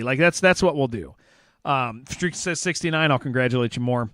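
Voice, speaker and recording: Excitable high-voiced male streamer. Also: brisk, no room sound. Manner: excitable, rambling, says "man" and "dude" often. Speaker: game streamer. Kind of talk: casual livestream chat with viewers.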